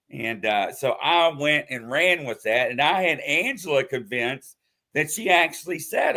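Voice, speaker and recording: A man hosting a live show in casual chat, telling a story with loud acted-out quotes. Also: mid-range voice, normal speed. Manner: animated storytelling, acts out quotes loudly. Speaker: host.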